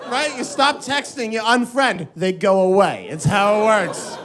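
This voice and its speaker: High, lively man doing stand-up. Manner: animated, with nervous filler restarts. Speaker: stand-up comedian. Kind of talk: stand-up comedy set. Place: comedy stage before a live audience. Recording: live set with audience crowd noise.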